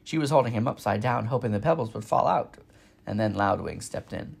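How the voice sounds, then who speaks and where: A man reading a children's novel aloud with steady, expressive narration. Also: lowish voice, brisk, gravelly, breathy edge. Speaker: storybook reader.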